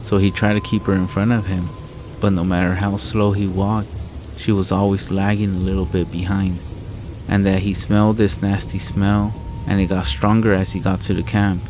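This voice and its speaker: A man narrating a scary story in a calm, measured, deadpan way. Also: low-pitched, poor audio. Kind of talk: scripted narration. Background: rain and faint music.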